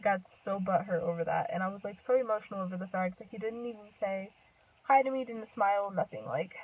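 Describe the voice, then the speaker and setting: A young woman talks fast in a mid-range voice, vlogging a personal story to camera with lots of "like", "um" and laughter as she rambles on. She is slightly out of breath. The recording sounds distant, tinny and phone-like.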